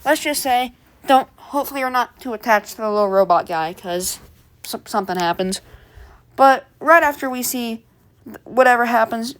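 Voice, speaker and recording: A woman's voice: fairly high pitch, expressive, normal speed, a bit bright. A woman casually recapping and reviewing a comic book in a chatty, rambling way.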